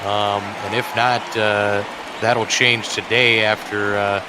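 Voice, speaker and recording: A man doing casual play-by-play commentary for a baseball game, relaxed and chatty, with many fillers and restarts. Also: lowish voice, slow, noisy background. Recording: music clearly in the background.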